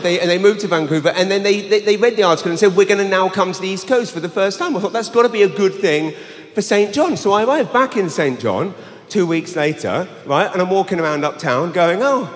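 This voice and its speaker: Male stand-up comic, high voice, arena reverb, shouty storyteller. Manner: animated storytelling, bursts of shouting. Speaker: stand-up comedian. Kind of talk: live stand-up comedy. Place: large arena stage. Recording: live arena with long reverb.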